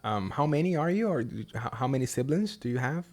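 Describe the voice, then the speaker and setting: A man's voice: medium pitch, sing-song, fairly quick, a little mellow. A man from Brazil, a guest on a podcast, speaking thoughtfully and hesitantly with many ums. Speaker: podcast guest, English teacher. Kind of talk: casual interview chat.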